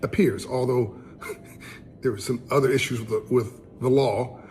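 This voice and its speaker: A man's voice: medium pitch, fairly even intonation, unhurried, a little mellow, slight background noise. A man giving commentary on money habits, earnest and building to emphatic outbursts. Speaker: financial literacy speaker. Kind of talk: commentary on a played clip.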